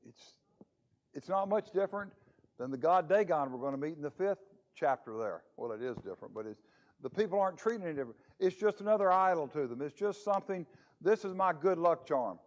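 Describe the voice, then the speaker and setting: A man's voice: a little high, expressive, quick pace, dull audio. A man preaching a conversational Bible lesson in church, with a chatty manner full of rhetorical questions. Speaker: preacher teaching a Bible class.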